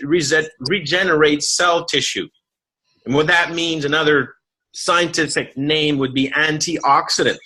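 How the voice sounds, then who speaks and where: A man's voice: on the high side, sharp tone, low-quality recording. A middle-aged man giving an earnest promotional health talk, explaining benefits step by step with frequent repeated words. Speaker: product presenter.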